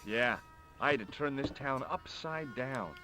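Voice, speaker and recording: A man's voice: medium pitch, a little slow, pushed and bright. An actor playing a curious, polite adult male adventurer in video game dialogue.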